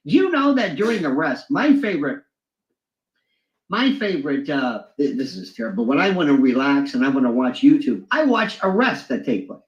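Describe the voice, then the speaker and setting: Telling stories as a guest at a normal speed, the man has a sing-song voice and often launches into high mimicking voices. His storytelling is lively and packed with impressions, though the audio is echoey, dull and lo-fi.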